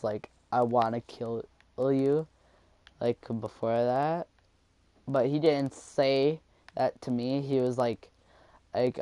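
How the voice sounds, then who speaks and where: A man's voice: mid-range voice, warm tone, dry recording. A young man telling a school story in a casual vlog, rambling with lots of swearing and fillers.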